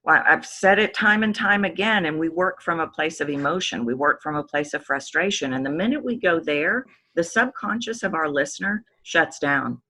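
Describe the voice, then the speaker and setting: Bright-voiced animated woman vocal coach. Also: low voice, moderate pace, hardly any pauses. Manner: animated, shifts voice to demonstrate. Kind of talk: podcast interview.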